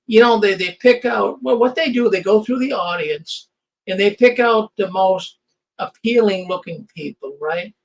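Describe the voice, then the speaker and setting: A man's voice: high-pitched, normal speed, creaky, low-quality recording. An older man hosting a commentary show, talking in an indignant, sarcastic way with stammering restarts as he reacts to video clips.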